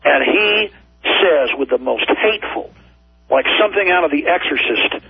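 Gravelly fiery radio host, tinny sound. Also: male voice, a little high, expressive, normal speed, dry recording. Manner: fiery, storytelling, stammering restarts. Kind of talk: impassioned talk radio monologue. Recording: tinny phone-like radio audio.

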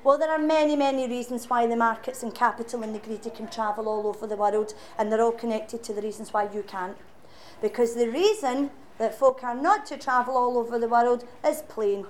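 A woman's voice: on the high side, a little fast. A Scottish woman giving an impassioned public speech, rousing and sarcastic by turns. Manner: rousing, sarcastic rhetorical speaking. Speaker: political speaker.

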